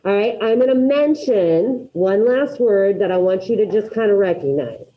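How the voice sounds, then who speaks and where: A woman's voice: mid-range voice, lively intonation, normal speed. A woman teacher runs a class with upbeat energy, drilling repetition and firing questions at her students. Her voice sits in a middle register. The recording is dull and lo-fi, like a classroom capture. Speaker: Spanish teacher. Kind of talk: classroom grammar lesson.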